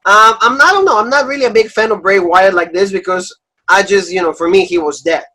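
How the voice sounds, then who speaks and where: A man's voice: high voice, fast, pushed and bright. A man co-hosting a wrestling podcast in casual chat, rambling with lots of filler words. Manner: rambling, many "like" and "you know" fillers.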